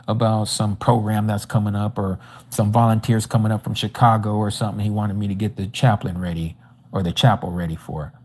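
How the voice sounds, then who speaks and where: A Bible study teacher shares a personal testimony over a livestream microphone, speaking a little fast in a lowish, slightly mellow voice with a flat delivery. He tells his story animatedly and acts out the dialogue.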